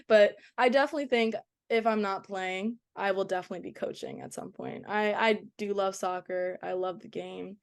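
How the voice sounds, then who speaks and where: A woman's voice: mid-range voice, steady tone, normal speed, vocal fry. A young woman with a slight Boston accent, a college athlete chatting as a podcast guest, laughing often and using lots of fillers. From Boston area. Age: young adult. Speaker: guest, college soccer goalkeeper. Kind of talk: casual interview chat.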